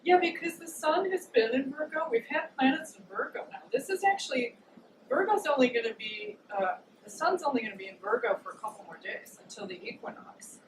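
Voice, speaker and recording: A woman's voice: high-pitched, expressive, brisk. Woman astrologer, chatty talker, echoey room, background noise. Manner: chatty, many "like" and "you know" fillers, acts out quotes. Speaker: astrologer and psychic. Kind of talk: casual astrology talk. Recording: echoey room, distant mic, noisy.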